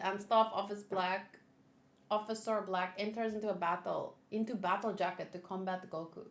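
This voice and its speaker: A woman's voice: medium pitch, moderate pace. A woman hosting an anime reaction video, chatting casually, reading trivia aloud and laughing at her own jokes. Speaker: anime reaction channel host.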